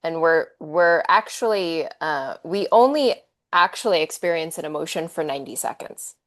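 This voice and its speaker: A woman guest on a podcast, explaining ideas about emotions and the body in an animated, chatty way. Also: low-pitched, normal speed. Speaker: therapeutic theatre practitioner, podcast guest. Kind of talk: casual podcast chat.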